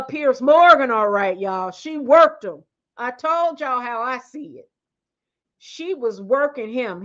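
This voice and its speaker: A woman gives blunt, slangy commentary on her vlog in a fairly high voice. She stresses her points hard and often breaks off and restarts mid-sentence. The recording is slightly muffled and lo-fi. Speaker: commentary vlogger. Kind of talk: casual opinionated commentary.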